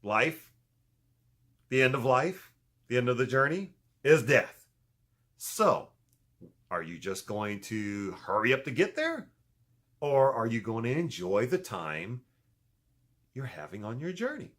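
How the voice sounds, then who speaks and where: Man, middle-aged, casual vlog, lively swooping pitch, profane, joking, loud-to-muttered delivery. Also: slow pace, long pauses. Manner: animated, swings from loud emphatic to low muttering. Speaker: video blogger.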